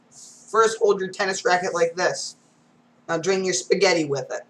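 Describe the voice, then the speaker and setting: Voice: medium pitch, unhurried, long pauses, rough recording. A reader going through comic strips aloud, reading every panel and sound effect, with casual asides.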